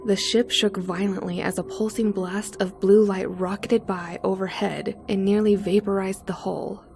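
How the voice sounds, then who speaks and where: A woman narrating a horror story in the first person, slow and deliberate. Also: medium pitch, level tone, creaky, over loud music.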